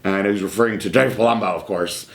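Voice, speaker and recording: A man's voice: fairly low pitch, steady tone, fast talker, gravelly. A man in his thirties hosting a podcast, telling a story in a frank, casual way with frequent fillers. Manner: frank, conversational, filler-heavy. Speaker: podcast host.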